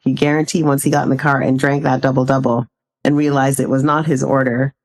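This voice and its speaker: A woman speaks as a podcast guest in casual, unhurried chat. Her voice is notably low for a woman. She reflects thoughtfully and laughs easily.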